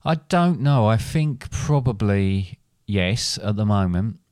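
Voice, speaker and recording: A man's voice: lowish voice, animated, slow pace, a little mellow, smooth, dry recording. A man, a father co-hosting a podcast, chatting casually with his son and teasing him dryly. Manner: dry, teasing banter. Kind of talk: casual chat.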